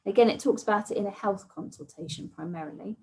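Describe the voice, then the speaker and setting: A woman's voice: medium pitch, fast talker, warm tone, poor audio. Woman explaining through a webinar. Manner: explanatory, often hedging with "sort of" and "kind of". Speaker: trainer presenting a webinar. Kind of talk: online training talk.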